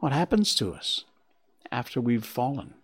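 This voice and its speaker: A man's voice: mid-range voice, very animated, moderate pace, breathy edge. A man doing a sighing, worried leaf. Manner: sighing, worried, sometimes whispering. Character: anxious, gloomy male oak leaf.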